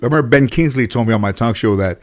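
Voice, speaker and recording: A man's voice: mid-range voice, rapid-fire. A middle-aged American man, a comedian and actor, telling stories as an interview guest in a casual, rambling way, full of fillers and restarts.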